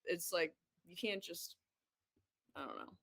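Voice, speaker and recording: A woman in a casual group call, retelling a story haltingly and repeating her phrases. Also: on the low side, sing-song, creaky.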